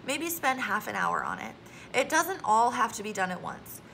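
Lady reading a chill encouraging teacher in a kids book, calm, steady. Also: fairly high pitch, a little fast, a little hiss or hum. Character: calm, encouraging female schoolteacher.

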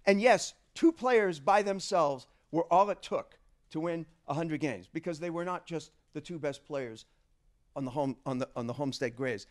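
A man speaking as an author at a book talk, telling stories in an animated, emphatic way and chuckling along. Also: on the high side. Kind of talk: storytelling lecture.

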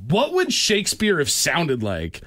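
High, lively jokey man podcasting. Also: a little slow. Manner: jokey, laughs often. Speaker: podcast co-host. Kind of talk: casual chat.

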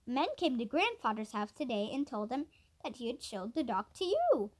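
A woman's voice: fairly high pitch, very animated, normal speed, a little mellow, pitched below the performer's own voice. A woman reading the lines of a polite, earnest older boy in her own voice.

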